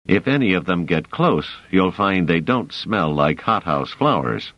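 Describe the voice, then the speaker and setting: An actor playing a commanding male supervisor in an audiobook, curt and wary, in a low voice with lively turns. The sound is dry and a bit muffled. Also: measured pace, dry recording, exaggerated voice. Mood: brisk.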